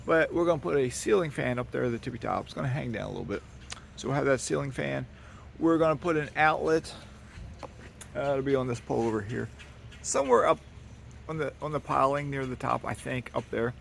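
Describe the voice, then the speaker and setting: Man, very gravelly voice, folksy rambling tour vlog, outdoor handheld camera with faint hiss. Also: mid-range voice, fairly quick. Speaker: vlogger giving a property tour. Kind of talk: casual walk-and-talk tour. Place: outdoors on a waterside dock. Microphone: handheld camera carried while walking. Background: birds.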